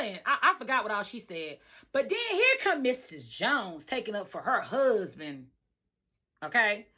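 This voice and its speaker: A woman's voice: medium pitch, moderate pace, slightly rough. A woman, a truck driver, telling her own story in a casual storytime vlog, venting emphatically and repeating herself for effect. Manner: emphatic, repetitive, animated venting.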